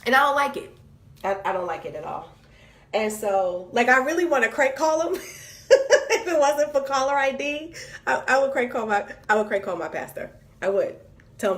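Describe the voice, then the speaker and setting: A woman's voice: on the high side, measured pace, long pauses, fairly bright tone. A woman venting candidly on camera, exasperated and repeating herself with stammered restarts. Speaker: vlogger.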